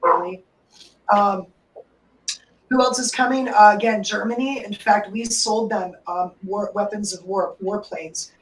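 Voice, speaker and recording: A woman's voice: medium pitch, fairly even intonation, unhurried, slight background noise. A woman hosts a live call-in radio show, rambling and emotional, with curses dropped in along the way. Her voice sits back from the microphone, and the room gives it a roomy echo. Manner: emotional, rambling, swears freely. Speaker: psychic radio host. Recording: echoey room, distant mic.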